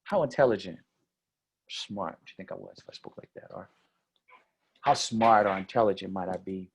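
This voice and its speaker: A man giving a conference keynote speech, energetic and asking the audience questions. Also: deep voice, normal speed, creaky, long pauses, breathy edge. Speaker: keynote speaker.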